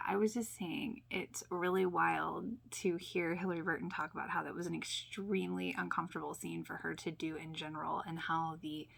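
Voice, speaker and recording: A woman hosting a casual TV rewatch reaction, chatty and full of fillers, often sinking into soft near-whispers and laughing often. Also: on the low side, vocal fry, slightly rough. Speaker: YouTube reaction host.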